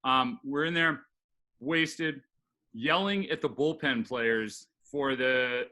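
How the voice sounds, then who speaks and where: Bright, animated storytelling man. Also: medium pitch, slow. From New York. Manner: animated, acts out the voices in his stories. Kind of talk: casual chat, storytelling.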